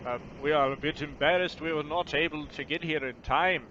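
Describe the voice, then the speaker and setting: Gruff guard captain, a man putting on a rough, hard-to-place accent, formal and wary, on a muffled lo-fi track. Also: a little high, brisk. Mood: courteous. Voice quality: put-on rough foreign accent, unsure whether Scottish or Austrian. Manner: formal, courteous village guard speech. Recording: muffled lo-fi recording with steady background noise.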